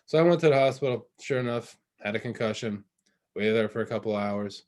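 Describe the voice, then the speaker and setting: A man's voice: fairly low pitch, a little fast, a little mellow. A young man casually telling a long story on a podcast, rambling with lots of fillers and restarts. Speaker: podcast co-host. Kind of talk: casual chat.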